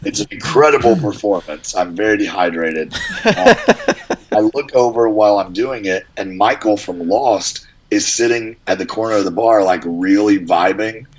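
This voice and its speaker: A very deep-voiced man tells a loose, meandering story on a podcast stream. He talks casually, with plenty of ums and restarts. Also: moderate pace, low-quality recording. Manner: rambling anecdotes with many fillers. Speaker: guest.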